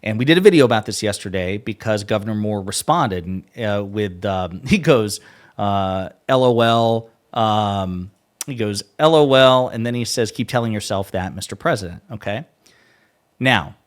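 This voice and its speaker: A man hosting a political commentary video, talking in a mocking, animated way and mimicking the people he criticizes. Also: on the low side.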